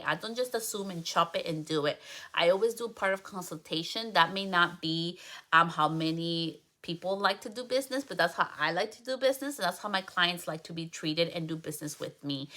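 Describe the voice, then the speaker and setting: A young woman hosting a casual solo business podcast, chatty and animated as she acts out conversations with her salon clients. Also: lowish voice. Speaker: podcast host and hairstylist.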